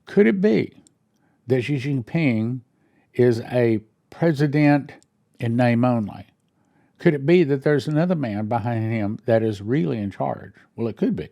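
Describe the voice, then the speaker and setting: A church minister reading news headlines aloud and breaking in with wry, sarcastic asides and questions he thinks through out loud. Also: medium pitch, expressive, a little slow, vocal fry, no echo, studio quality.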